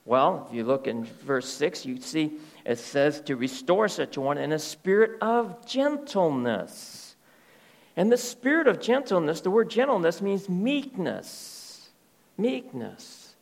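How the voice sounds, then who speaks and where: A male pastor preaching a sermon in an animated way, often dropping to soft, hushed tones. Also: fairly high pitch, slow pace, vocal fry.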